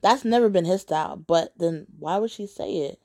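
A woman's voice: fairly low pitch, normal speed. Blunt woman telling a storytime. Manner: candid, blunt, with sharp rhetorical asides. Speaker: vlogger. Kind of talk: storytime narration.

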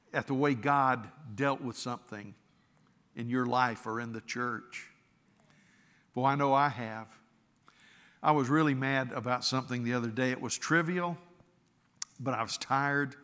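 A man's voice: mid-range voice, a little slow, pauses often, fairly bright tone, in a large hall. A man preaching a sermon as pastor, earnest and conversational, often restarting his words.

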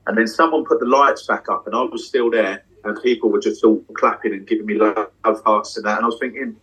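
A husky man with a middle-pitched voice, talking with swagger and freely dropped swear words. He speaks a little back from the mic in a backstage dressing room, excited and open about his stage life. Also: a little fast, far from the mic, low-quality recording. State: getting emotional. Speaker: magician and tour guest. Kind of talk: candid casual interview.

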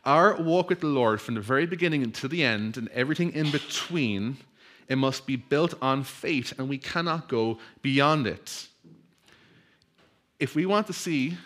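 A male pastor delivering a sermon, telling a story with humor and switching to a quiet, earnest prayer. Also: mid-range voice. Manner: storytelling, acts out crowd voices, laughs easily; hushed, slow prayer.

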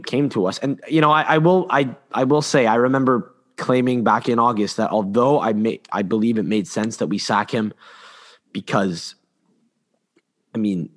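A man co-hosting a football podcast in casual chat, opinionated and rambling, often repeating words and restarting his sentences. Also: mid-range voice. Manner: opinionated, animated. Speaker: podcast co-host.

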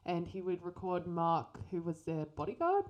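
A young woman with a slightly low voice chats on a podcast. She speaks casually and fills gaps with ums and likes. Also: very animated, normal speed, muffled recording. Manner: casual fan talk with fillers. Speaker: podcast co-host. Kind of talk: casual chat.

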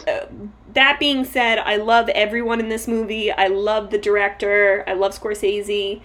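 A woman co-hosting a podcast in casual chat, chatty and quick to laugh, trailing off and restarting as she talks. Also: medium pitch, level tone, fairly bright tone. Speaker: podcast co-host.

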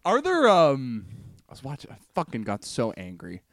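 A man's voice: medium pitch, wildly swooping pitch, moderate pace, gravelly, fairly bright tone, no room sound, studio quality. A man co-hosting a podcast in casual chat, joking, mocking himself and swearing freely. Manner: joking, self-mocking, profane. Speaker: podcast co-host.

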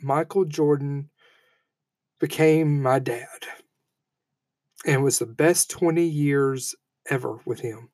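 A man in his thirties giving a heartfelt eulogy, halting and emotional, with frequent fillers and restarts. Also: mid-range voice, darkish tone, dry recording. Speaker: eulogy speaker. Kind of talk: personal eulogy speech.

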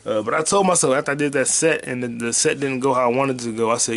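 A man hosting a solo podcast, rambling loosely and profanely, with sudden loud excited bursts. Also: mid-range voice, fast talker. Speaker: podcast host and stand-up comic.

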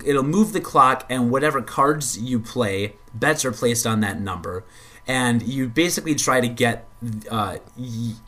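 A man's voice: mid-range voice, a bit bright. A man casually explaining and reviewing a video game's card minigame, rambling with frequent restarts and blunt opinions. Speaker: game reviewer. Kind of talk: casual spoken game review.

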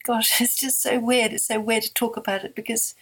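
A woman author, speaking softly and haltingly as a guest in an emotional interview conversation. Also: fairly high pitch, steady tone. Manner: soft-spoken, halting with many restarts.

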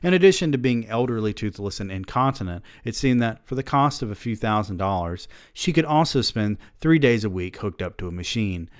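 A man's voice: on the low side, lively intonation, fairly quick, hardly any pauses, clear, resonant tone, dry recording, studio quality. A man reading a story aloud who keeps breaking off to mock himself in sardonic comic asides. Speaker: reader of a story.

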